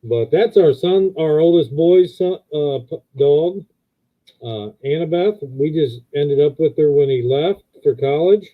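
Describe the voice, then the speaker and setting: Husky man chatting on a muffled live stream. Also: animated, unhurried. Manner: rambling, talks in high baby voice to dogs. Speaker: livestream co-host. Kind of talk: casual live-stream chat. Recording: muffled phone-like audio.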